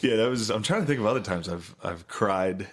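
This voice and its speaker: A man's voice: lowish voice, lively intonation, fairly quick. A man co-hosting a podcast, telling childhood stories in casual chat, laughing as he talks and swearing freely. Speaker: podcast co-host.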